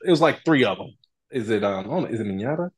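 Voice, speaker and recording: A middle-aged man telling a story as a guest in a casual interview, animated and acting out other people's lines. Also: medium pitch, rapid-fire, a crowd in the background. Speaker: reality TV guest.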